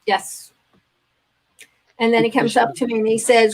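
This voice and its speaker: On a talk radio show, an older woman, a grandmother, tells stories earnestly as a guest, acting out the conversations within them. Her voice is fairly high and her speed normal, with frequent pauses. The audio quality is poor.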